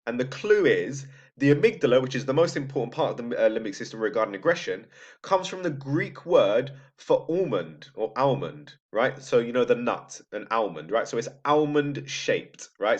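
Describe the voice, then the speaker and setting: A man teaching a recorded psychology lesson in a casual, conversational way, checking in with "right?" and restarting his sentences. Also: medium pitch. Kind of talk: recorded lecture. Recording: slightly dull lo-fi audio.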